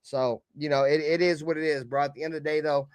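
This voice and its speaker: Fan-show co-host, man, high voice, profane rants that swing loud to muttered. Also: fairly even intonation, fast, clean tone, dry recording. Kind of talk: heated live-stream sports talk.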